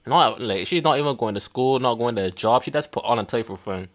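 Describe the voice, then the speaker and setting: A man's voice: mid-range voice, fairly quick. Mocking young man reacting. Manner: mocking, blunt, laughs often. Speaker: reaction video host. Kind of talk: casual reaction commentary.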